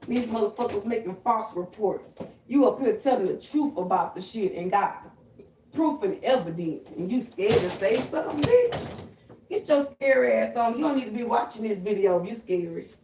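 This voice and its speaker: A woman holds forth on a live stream in a blunt, profane rant, loud and combative. She sits back from the mic, and her voice rings in an echoey room. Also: a little high, normal speed, noisy background. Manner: loud, confrontational, animated storytelling with shrieking imitations. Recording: roomy echo, voice a bit far from the mic.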